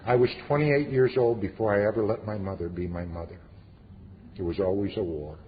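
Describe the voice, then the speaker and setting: Middle-aged guy, lowish voice, earnest testimony w/ dry jokes, echoey hall recording. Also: fairly even intonation, fairly quick. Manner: earnest storytelling with dry humor. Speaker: recovery meeting speaker. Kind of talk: personal testimony talk. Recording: echoey hall, dull lo-fi sound with faint hiss.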